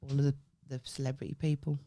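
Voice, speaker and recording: A woman's voice: a bass voice, flat delivery, fast talker, dark tone, no echo, studio quality. A woman co-hosting a casual comedy podcast, swearing and laughing as she tells stories. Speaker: podcast co-host. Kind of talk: casual chat.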